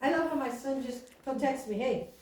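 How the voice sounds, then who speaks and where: A woman with a high voice preaches a sermon in a loose, storytelling way, leaning on slow, stretched-out lines for emphasis. She is picked up from well back in a big, booming hall with a faint hiss underneath. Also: recorded from a distance.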